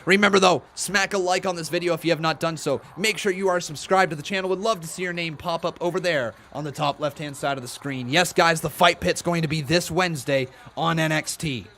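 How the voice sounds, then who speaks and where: A man with a slightly raised pitch hosts a live wrestling watch-along stream. He chats casually with his viewers and reads out their donations. When the match heats up, he switches to excited, shouted play-by-play. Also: a little fast, hardly any pauses, a little hiss or hum. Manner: excitable play-by-play, yelling at big moves. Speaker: streamer host.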